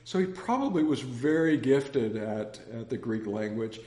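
A man's voice: medium pitch, animated, measured pace, darkish tone. A man teaching a casual Bible study, chatty and rambling, telling anecdotes with many restarts. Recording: roomy echo.

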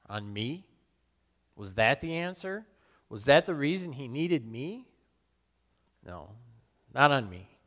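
A man playing the apostle Peter, a burly fisherman full of guilt, in a solemn, halting dramatic monologue. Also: medium pitch, sing-song, fairly bright tone. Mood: remorseful. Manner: solemn, halting and self-questioning. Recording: long reverb in a large hall.

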